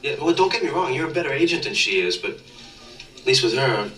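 Easygoing, dim young actor. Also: male voice, medium pitch, very animated, fairly quick, bright, forceful tone. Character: young male struggling actor, dim but good-natured. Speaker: actor in a sitcom clip. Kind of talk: sitcom acting. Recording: roomy distant sitcom soundtrack with background noise.

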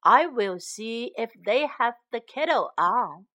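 A woman's voice: a little high, lively intonation, slow pace, bright, forceful tone, heavily acted. A woman voicing Betty, a sweet, big dinosaur. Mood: good-natured. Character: big, good-natured female dinosaur, simple and sweet.

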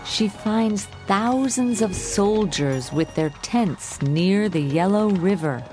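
A woman narrating a graded-reader story in a measured, clearly articulated way. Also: mid-range voice, animated, warm tone. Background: background music.

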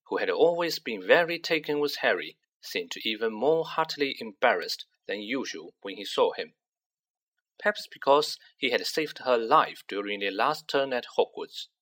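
A man narrating a storybook in an unhurried, expressive way. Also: medium pitch. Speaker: audiobook narrator.

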